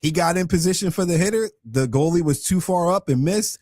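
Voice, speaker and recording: A man co-hosting a morning sports radio show, breaking down soccer plays in a relaxed, analytical way. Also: high voice, fairly quick, no room sound, clean studio sound. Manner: analytical, laid-back, chuckling.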